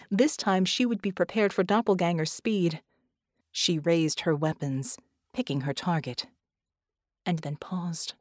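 A woman reading an audiobook story aloud in a calm, measured way. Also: lowish voice, no echo, clean studio sound. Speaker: audiobook narrator. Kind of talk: scripted narration.

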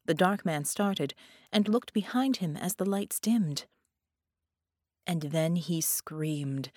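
A woman narrating an audiobook in measured, dramatic storytelling. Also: medium pitch, darkish tone, no echo, studio quality.

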